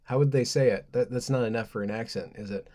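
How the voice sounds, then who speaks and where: A man's voice: medium pitch, fast talker, mellow. Rambling playful male livestream host. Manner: rambling, playful, reads word lists aloud with asides; laughs at his own jokes. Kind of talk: casual livestream monologue.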